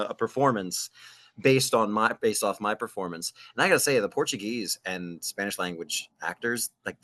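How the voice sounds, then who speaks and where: A man's voice: fairly low pitch, sharp tone. A man on a podcast as a guest actor, chatting over a video call in an easygoing way and laughing between phrases. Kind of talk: casual chat.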